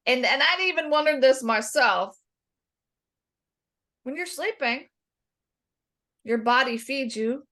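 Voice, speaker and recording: A middle-aged woman, a dietitian appearing as a podcast guest, tells a long personal story in a lively, self-deprecating way, acting out the voices of the people she quotes. Her voice sits high, and she speaks slowly with long pauses.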